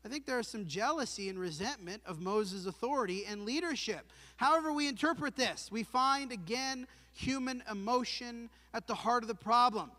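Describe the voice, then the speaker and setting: High, bright-voiced preacher in a reverberant hall. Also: male voice, lively intonation, normal speed, hardly any pauses. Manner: earnest, emphatic, with rhetorical questions. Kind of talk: sermon. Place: church sanctuary.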